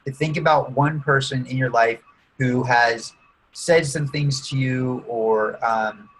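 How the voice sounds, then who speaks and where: A man working as a coach, calmly guiding listeners through a visualization exercise in an interview and often checking in with "okay?" and "right?". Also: mid-range voice, takes it slowly, poor audio. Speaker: guest coach using neurolinguistic programming. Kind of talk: guided visualization during an interview.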